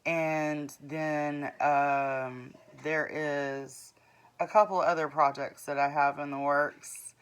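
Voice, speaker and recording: A woman's voice: deep voice, little pitch movement, slow, clear, resonant tone. A woman in her forties, an author giving a rambling, earnest vlog update about her books, full of ums and restarts. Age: 40s. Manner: earnest, plain-spoken.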